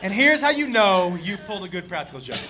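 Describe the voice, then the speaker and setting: A man doing stand-up comedy, telling a story in an excitable, profane, animated way. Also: high voice, quick pace. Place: comedy club stage. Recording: live club, loud crowd and noise. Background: audience laughter and noise.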